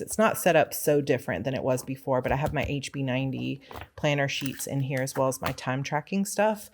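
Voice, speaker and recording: A woman author chatting casually as she shows her planner supplies, relaxed and rambling with small asides. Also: very deep voice, slight background noise. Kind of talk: casual chatty show-and-tell.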